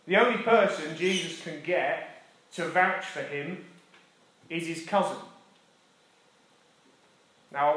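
A man with an Essex accent preaching a sermon, jokey and lively, then dropping soft and quiet to drive a point home. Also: sits high, heavy reverb, rough recording. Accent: Essex English. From Essex, England. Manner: animated, jokey, drops to soft intimate delivery for emphasis. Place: church.

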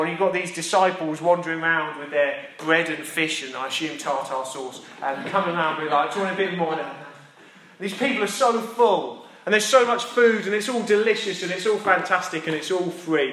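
A man preaching a sermon in a chatty, self-deprecating manner that rises to emphatic, repeated lines. His voice sits a little high. The sound carries the roomy echo of a church. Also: fairly bright tone, a little hiss or hum.

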